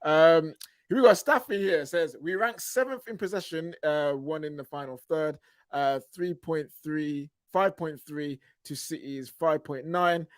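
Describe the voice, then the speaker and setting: A man's voice: a little high, a little slow, dry recording, studio quality. A young man hosting a casual podcast chat, laid-back and slangy, reading viewer messages aloud. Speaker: podcast host reading super chats.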